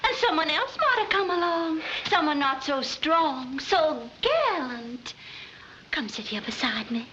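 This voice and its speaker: High, sparkly fake southern belle, coaxing and coy, lively sing-song, old dull film sound. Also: female voice, a little slow, exaggerated voice. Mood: gushing. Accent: put-on Southern US. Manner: coy, breathy, gushing and coaxing. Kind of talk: 1940s film comedy acting. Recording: dull, faintly hissy 1940s film soundtrack.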